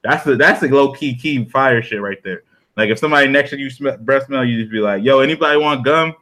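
A man's voice: medium pitch, fairly quick, pushed and bright. A young man in casual podcast chat, rambling and self-deprecating, full of slang.

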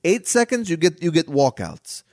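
A man voicing a fussy older male film director who slowly and deliberately lectures about a shot. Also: a little high, big pitch swings, a little mellow, no echo, pitched above the performer's own voice. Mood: earnest lecturing.

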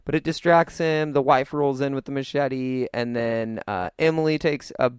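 A man co-hosting a casual chat, calmly retelling a movie's plot scene by scene. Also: mid-range voice, normal speed, clear, resonant tone, no room sound, clean studio sound. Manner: relaxed storyteller, recounts plot beat by beat.

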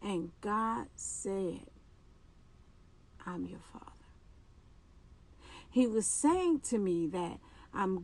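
Woman podcast host, slow and earnest faith testimony, halting delivery with restarts. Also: medium pitch, vocal fry, darkish tone.

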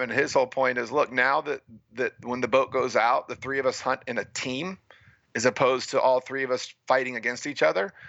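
A man from the United States telling a story as a guest in a casual interview, animated and peppering his talk with "right?" and "you know". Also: medium pitch, creaky, no room sound, highs cut off. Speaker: guest, freediving and spearfishing instructor.

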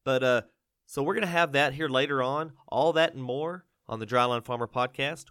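Rambling joking podcast host. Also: male voice, mid-range voice, normal speed, fairly bright tone, clear, resonant tone. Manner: rambling, joking, many fillers. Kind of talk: casual comedic chat.

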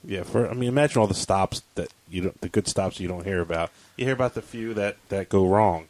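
A laid-back man on a podcast adds short remarks and backs up the host. His voice sits fairly low. He speaks plainly and without hurry. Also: a little fast, darkish tone, no room sound, low-quality recording. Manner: laid-back, chiming in with agreement. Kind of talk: casual chat.

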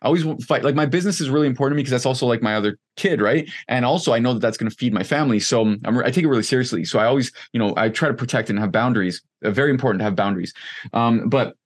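A man in his thirties speaks as a guest in a relaxed conversation. His pitch sits in the middle of the range, and his speech is frank and loose, full of "like" and the occasional swear word. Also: racing, breathy edge. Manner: candid, rambling, heavy use of "like", occasional swearing. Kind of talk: casual conversation.

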